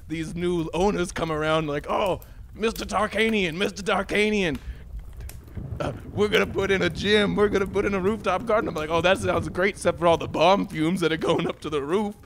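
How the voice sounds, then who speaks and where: A man playing a grumpy bomb-making tenant in an improv comedy scene. He talks in a fairly high voice and rambles through an indignant rant. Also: fairly bright tone, a little hiss or hum. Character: older male bomb maker, grumpy tenant.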